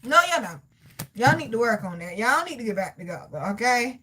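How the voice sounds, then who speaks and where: A high-pitched young woman, talking casually and loudly to her viewers. She is animated and laughs and shouts a lot. A faint hiss sits under her voice. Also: brisk. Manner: animated, loud laughs, swearing, addresses viewers as y'all and baby. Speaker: tarot reader. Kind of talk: casual livestream chat.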